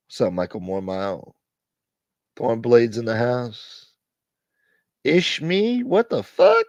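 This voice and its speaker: A man hosting a casual livestream, thanking donors and shouting out viewers by name in a profane, joking way. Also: mid-range voice, very animated, slow, pauses often, no room sound. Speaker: livestream host. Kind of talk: casual live chat reading donations.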